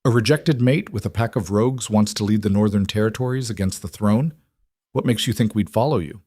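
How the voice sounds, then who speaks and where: A man voicing a gruff, blunt wolf-pack alpha of about fifty. He talks in short, rough-edged words, low in pitch and close and dry. A hard mountain chieftain from a storybook. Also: fairly quick, warm tone, no echo. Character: gruff middle-aged male wolf-shifter alpha, blunt.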